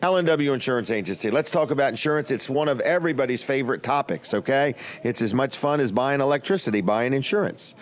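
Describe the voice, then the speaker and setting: A man's voice: medium pitch, fast talker, hardly any pauses. A man hosting a local talk show, chatting in a folksy, joking way and often repeating himself. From Delmarva Peninsula, US. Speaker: radio show host. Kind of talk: casual talk show chat.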